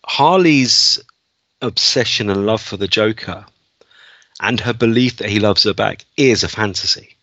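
Brief: male podcast co-host, bright and forceful voice, rambling eager film talk, dry lo-fi recording. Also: lowish voice, dry recording. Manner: enthusiastic, rambling with fillers. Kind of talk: casual film chat. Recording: dull, dry lo-fi sound.

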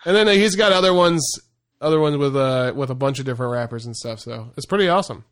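A man's voice: medium pitch, lively intonation, fast. A man co-hosting a podcast in casual chat, rambling and chuckling, with lots of fillers and restarts. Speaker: podcast co-host.

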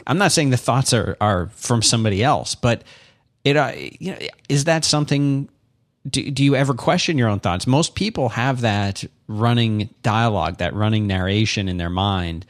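A man's voice: medium pitch, lively intonation, moderate pace. A man co-hosting a podcast, talking in a casual, thoughtful way with many restarts. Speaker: podcast co-host. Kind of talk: casual reflective chat.

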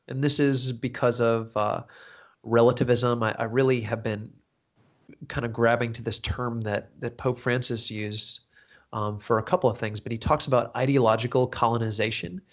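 A man's voice: mid-range voice, fairly bright tone. Earnest American man, thoughtful explainer. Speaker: podcast co-host, teacher. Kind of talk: casual podcast discussion.

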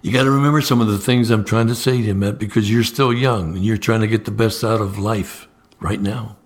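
An older man, an evangelist guest, telling stories in a podcast interview, often repeating the first word of a sentence and jumping up in pitch when he acts out what others said. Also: brisk. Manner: lively storyteller, swings into high voices for quotes.

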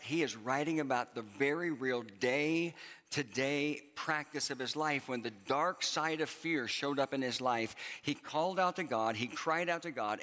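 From a church stage, a male pastor preaches conversationally and repeats phrases for emphasis. His voice is mid-range and fairly bright, and the church auditorium gives the recording a long, reverberant echo.

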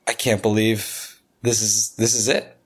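A man co-hosting a podcast with excitable, slangy banter. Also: fairly low pitch, a little slow, slightly rough. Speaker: podcast co-host. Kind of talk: casual podcast chat.

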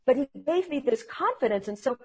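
Husky woman sales trainer, animated earnest storyteller in an interview. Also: sits high, brisk. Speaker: sales trainer and seminar speaker. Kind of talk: interview guest telling stories.

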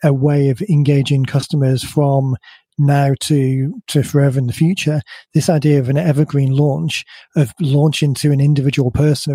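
A man hosting a podcast with a slightly croaky voice, explaining ideas in a relaxed way with many restarts. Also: mid-range voice, dry recording. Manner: thinks aloud with many restarts.

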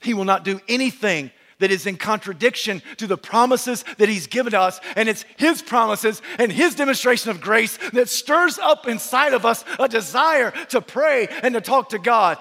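A male pastor delivers a sermon in a high, bright voice that rings out with the long reverb of a large hall. He hammers his points with repeated phrases and rhetorical questions, then drops to a slow hush on the key lines. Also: expressive, creaky.

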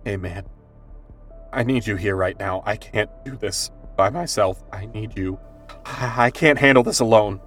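A man's voice: fairly low pitch, a little slow, recorded from a distance, soft background music, natural voice. A man voicing a distraught young werewolf who pleads desperately, his voice climbing and straining. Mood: desperate pleading.

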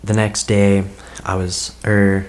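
A man's voice: on the low side, completely flat delivery, slow. A young man, a podcast guest, telling a personal story in a rambling, casual way, filling his speech with "like.". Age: young adult. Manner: rambling, heavy use of "like" as filler.

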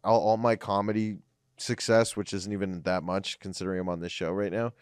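A man's voice: sits low, little pitch movement, brisk, a little mellow, no room sound, studio quality. A young man, a comedian chatting casually on a podcast, joking and laughing often, with many restarts. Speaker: comedian guest.

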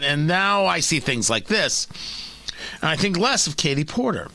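A man's voice: a little high, sing-song, moderate pace, pushed and bright, no echo. A man hosting a talk radio show with emphatic, opinionated, sarcastic commentary into a studio microphone.

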